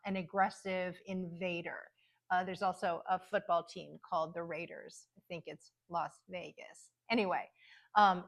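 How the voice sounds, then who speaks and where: A pronunciation coach with an American accent and a slightly low voice for a woman. She talks her lesson through steadily and slows right down to say each example word with careful, clear syllables. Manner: slow, drawn-out example words, clearly articulated.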